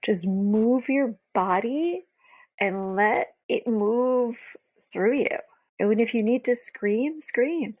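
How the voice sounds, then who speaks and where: A woman's voice: fairly high pitch, slow. A woman guest on a podcast, talking candidly and emotionally with many fillers. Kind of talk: casual conversation. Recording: dull lo-fi sound.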